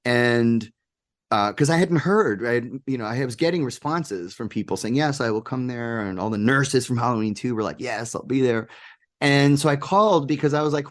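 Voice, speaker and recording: A man's voice: fairly high pitch, brisk. A man as an interview guest, telling a long rambling anecdote with lots of fillers and acted-out quotes. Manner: animated, rambling anecdotes with laughs and quoted voices. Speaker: interview guest, game maker. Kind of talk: casual interview storytelling.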